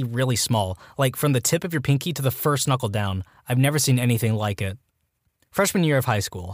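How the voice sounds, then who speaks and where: A man's voice: medium pitch, no echo, clean studio sound. A man reading out a string of short anonymous school stories as scripted narration, matter-of-fact with wry asides.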